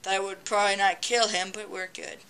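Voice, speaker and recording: Bright-voiced rambling gameplay commentator. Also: medium pitch, level tone, brisk, smooth. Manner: rambling, chatty, talks back at the game; frequent restarts and stammering. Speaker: gameplay video maker.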